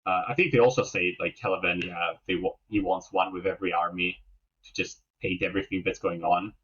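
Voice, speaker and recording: A low-voiced man with a husky tone co-hosting a book podcast in easygoing, hesitant chat. His audio sounds dull and lo-fi. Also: steady tone, a little fast, fairly bright tone. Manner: easygoing, hesitant, many fillers. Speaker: podcast co-host. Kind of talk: casual book discussion.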